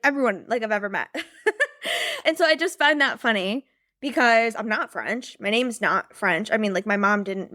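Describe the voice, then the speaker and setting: This is a casual chat from a young woman from the United States who hosts a podcast and mentors in business. She rambles about a trip, laughing often and using lots of fillers, in a fairly bright, medium-pitched voice recorded cleanly in a studio with no room sound.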